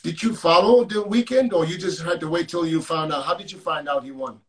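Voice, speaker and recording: A man running a live call-in stream in a loose, casual way. He talks bluntly and teases his callers, with swearing mixed in. His voice sits a little high for a man. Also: fairly quick, a crowd in the background. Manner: blunt, joking, swears freely. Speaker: host of a live call-in show.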